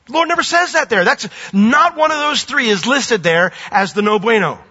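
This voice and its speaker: A man's voice: very high-pitched, expressive, normal speed, sharp tone, breathy edge. Earnest older man preaching in a hall. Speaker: pastor. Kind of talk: sermon. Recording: dull reverberant hall.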